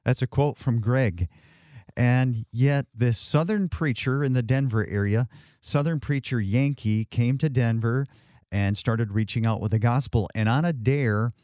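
A man's voice: medium pitch, dark tone, dry recording, clean studio sound. A man hosting an interview, reacting and introducing his guest in an enthusiastic, emphatic way. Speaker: host. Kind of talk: interview conversation.

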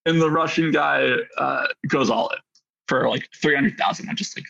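A man's voice: medium pitch, moderate pace, vocal fry, pushed and bright, highs cut off. A man casually telling a rambling story about poker hands, full of fillers and self-deprecating asides. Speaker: poker player guest.

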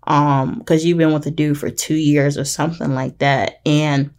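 Chatty young woman telling a story. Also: normal speed. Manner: animated, chatty, addresses viewers as y'all, jumps up high when excited. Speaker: vlogger giving relationship advice. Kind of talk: casual storytelling to viewers.

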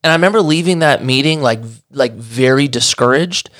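A middle-aged man telling his story in casual talk, animated, often acting out what others said. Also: medium pitch, fairly quick. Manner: animated, acts out quoted dialogue. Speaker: guest.

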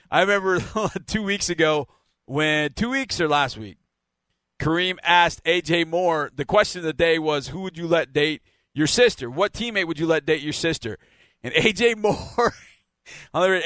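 A man's voice: a little high, a bit bright, dry recording. A man hosting a team podcast, wrapping up in a chatty, rambling way with laughs. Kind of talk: casual radio-style sign-off.

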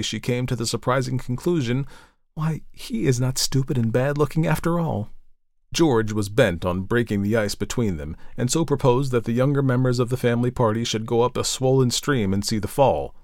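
A man narrating a classic novel in a measured, even reading style. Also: medium pitch, no room sound, clean studio sound. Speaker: audiobook narrator.

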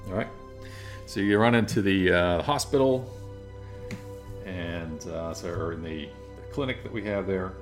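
A man's voice: low voice, measured pace, long pauses, soft background music. A man narrating a tabletop game as game master, easygoing and hesitant, with many ums. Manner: easygoing, hesitant, laughs at own jokes.

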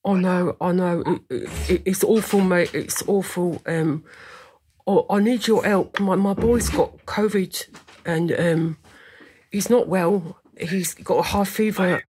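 A woman's voice: medium pitch, normal speed, darkish tone, slight background noise, natural voice. A woman on a phone call posing as a worried mother, with a clumsy put-on accent and a stammering, pleading way of talking. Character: panicked mother with a sick son, woman, pleading.

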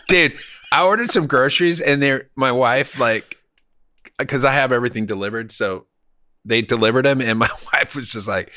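A man co-hosting a podcast in casual chat, crude and laughing, breaking into loud joking bits. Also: medium pitch, normal speed, no echo, clean studio sound. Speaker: podcast co-host.

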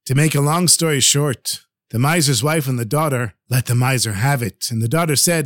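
A man narrating a Chassidic folk tale in a lively, conversational way. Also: medium pitch, moderate pace, no room sound, clean studio sound. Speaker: storyteller.

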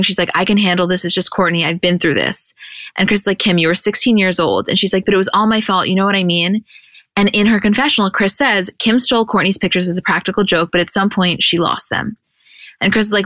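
A podcast co-host with a mid-range, slightly bright voice chattily recaps scenes from TV, quoting and acting out the dialogue as she goes. The recording is dry.

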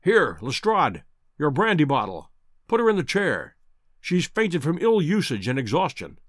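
Guy reading as a commanding detective, decisive, animated, slightly high voice. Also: a little slow, no echo, clean studio sound, full character voice. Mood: urgent. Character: brisk, commanding male detective. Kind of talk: audiobook character voice.

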